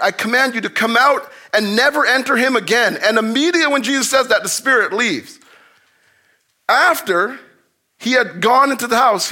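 A man delivering a sermon in a very high, bright voice. He preaches with shouted peaks and sudden drops into low, hushed asides. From grew up in a housing complex. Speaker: pastor.

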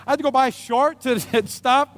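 A man preaching a sermon as pastor, telling a funny personal story with lively exclamations and emphatic repeated phrases. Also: very high voice, moderate pace, very noisy. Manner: animated storyteller, acts out scenes with exclamations; emphatic repetition of key phrases.

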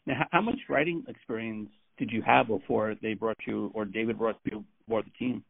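A man's voice: on the low side, fairly even intonation, a little fast, vocal fry, dry recording. A man interviewing a guest, mostly giving brief affirmations and asking questions. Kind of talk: casual interview. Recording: tinny phone-like line, dry.

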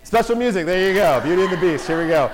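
A father telling a family story in a casual, animated way. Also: high voice, fast, rough recording. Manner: animated, acts out voices and shouts in quotes.

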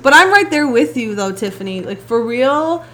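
A woman hosting a podcast in casual chat, telling animated stories, laughing often and swearing casually. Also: on the high side, moderate pace. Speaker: podcast host.

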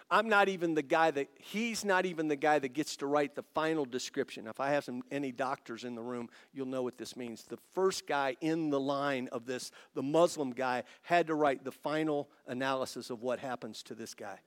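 A man from Italy, a pastor, telling his story to a congregation as a sermon, acting out both sides of the dialogue and building to excited peaks. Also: medium pitch, moderate pace. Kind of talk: testimony sermon.

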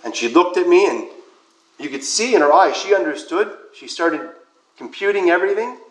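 Man, priest, high voice, conversational sermon storytelling, reverberant church room. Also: lively intonation, moderate pace. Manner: conversational storytelling with soft whispered asides. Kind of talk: sermon with personal anecdote.

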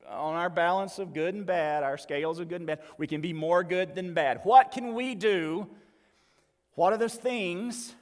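A man's voice: high-pitched, big-room sound. A man preaching a sermon as pastor, conversational and emphatic, with folksy asides.

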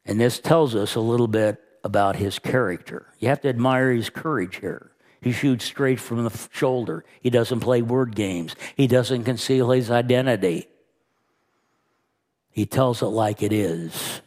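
A man pastor preaching a sermon, slow and emphatic, rising and quickening when he retells scenes. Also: medium pitch, a little mellow.

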